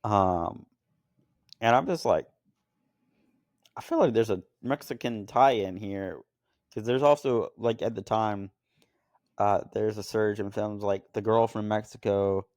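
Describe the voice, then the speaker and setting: A man's voice: lowish voice, slow, pauses often, a little mellow, no room sound, clean studio sound. A man co-hosting a film podcast, rambling through his notes with lots of fillers and jokey asides. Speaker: podcast co-host reviewing films. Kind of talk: casual chat.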